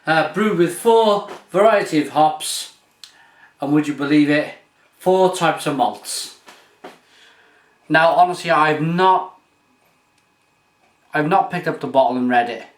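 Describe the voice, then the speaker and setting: A man's voice: a little high, slow, long pauses. Chatty British man in an echoey room. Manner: enthusiastic, rambling, with frequent restarts and repeats. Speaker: beer reviewer, channel host. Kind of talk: casual review vlog. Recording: echoey room, mic at a distance.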